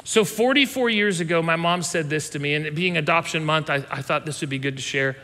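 A man's voice: a little high, fairly quick, bright, forceful tone, in a large hall. A man in his fifties, a pastor, telling a personal story in a conversational sermon, often restarting his sentences. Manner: conversational, self-interrupting with restarts.

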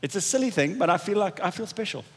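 Male pastor, fairly high voice, relaxed conversational sermon, long church hall echo. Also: fast, breathy edge. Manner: conversational, self-deprecating preaching with restarts.

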